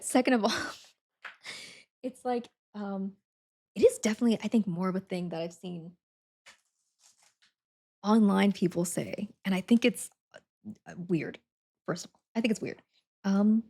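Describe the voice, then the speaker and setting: A woman's voice: medium pitch, normal speed, long pauses. Woman streamer, casual chat, giggly, talks to viewers while packing, home setup. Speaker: livestreamer.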